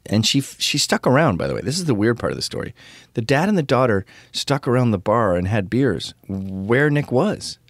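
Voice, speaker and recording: A man's voice: mid-range voice, very animated, moderate pace, no echo, studio quality. A middle-aged man hosting his own show, telling crude stories in a ranting casual monologue. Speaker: show host.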